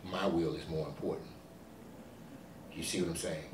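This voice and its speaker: A man's voice: very deep voice, steady tone, moderate pace, slight background noise. Preaching man in an echoey hall. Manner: preaching with rising, shouted emphasis and repeated "see". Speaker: pastor. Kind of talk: sermon. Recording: echoey church hall, voice from far off.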